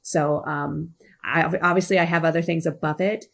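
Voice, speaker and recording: A woman's voice: low-pitched, steady tone, normal speed, creaky, a bit bright. A woman co-hosting a casual game chat over a video call, talking enthusiastically and rambling with fillers. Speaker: co-host.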